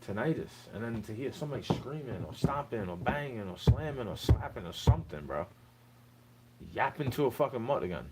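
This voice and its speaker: A man's voice: medium pitch, animated, a little fast, noisy background. A young man talking straight to the listener in a rambling, aggrieved monologue, tossing in "bro" again and again. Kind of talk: unscripted monologue rant.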